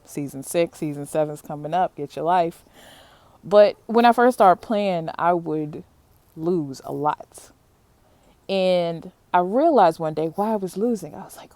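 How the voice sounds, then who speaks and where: A woman's voice: fairly low pitch, unhurried, a little mellow, dry recording. Candid woman telling a personal story. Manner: candid, addresses listeners as y'all, laughs easily. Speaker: podcast host.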